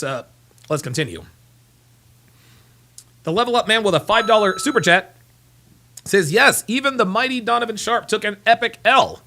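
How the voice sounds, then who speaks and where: A man hosts a casual livestream and reads out super chats, tired and yawning, rambling and repeating himself while fumbling for files. His voice is a little high, gravelly, bright and forceful.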